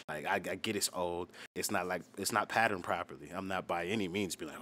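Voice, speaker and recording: A young man with a low, deep voice talks through a casual storytime, swearing freely and leaning on filler words as he rambles. He is self-deprecating and offhand, and a faint hiss sits under the recording. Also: a little fast, fairly bright tone. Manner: loose and profane, heavy on "like". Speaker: rapper and channel host. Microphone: solo voice recording.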